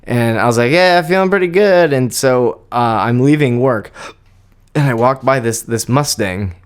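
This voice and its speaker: A young man co-hosting a casual podcast, spinning an embarrassing story with lots of energy. He laughs through it and jumps into quick impressions of what was said. His pitch sits at an ordinary middle height. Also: smooth. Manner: animated, laughs while telling, acts out quoted lines. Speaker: podcast co-host.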